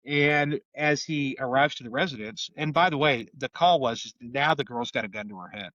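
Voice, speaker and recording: A man's voice: mid-range voice, moderate pace, a bit bright, dry recording, distant mic, highs cut off. A middle-aged man with an Oklahoma accent, a homicide detective telling stories in a podcast interview in an earnest way, often repeating words. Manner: earnest, repeats words, acts out quoted voices.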